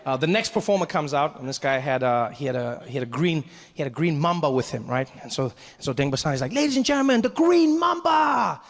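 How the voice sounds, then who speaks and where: A man's voice: fast talker, few pauses, in a large hall. A male stand-up comedian telling a story on stage, acting out the people in it with big jumps in his voice. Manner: animated, acts out characters with big pitch jumps.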